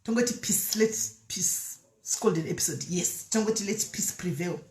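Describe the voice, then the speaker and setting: A woman chats on a live stream, answering viewer comments and switching easily between Shona and English. Her voice sits at an ordinary middle pitch. The sound carries a noticeable echo, as if she is in a bare room. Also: normal speed, a little mellow. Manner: chatty, mixes Shona with English, laughs often. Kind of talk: casual live-stream chat, reading comments.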